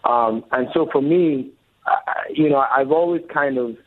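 Husky man, earnest interview guest. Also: medium pitch, moderate pace. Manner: reflective, earnest. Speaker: interview guest, record label co-founder. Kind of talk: casual interview talk. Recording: dull lo-fi audio with faint music.

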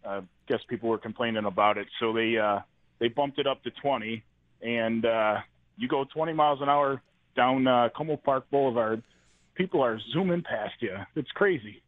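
A man's voice: medium pitch, moderate pace, no echo. Hesitant male caller on phone line. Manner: hesitant, friendly, many fillers. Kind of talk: calling in to talk radio. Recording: tinny dry phone line.

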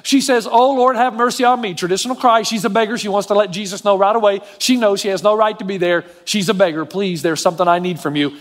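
A man preaching a sermon as a pastor, animated and swinging between low, quiet passages and high, emphatic ones. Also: fast, hardly any pauses, big-room sound.

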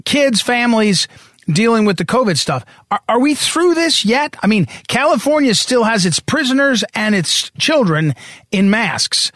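A man hosting a talk radio show, talking fast and rambling with many fillers and restarts. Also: high voice, fairly bright tone, dry recording, clean studio sound. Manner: rapid, rambling delivery full of fillers and repeated starts. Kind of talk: casual talk radio chat.

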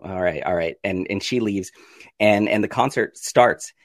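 A man guesting on a podcast tells his story in a casual interview, acting out his own reactions with abrupt pitch jumps and frequent laughter. He talks at a normal speed, recorded with studio quality and no room sound.

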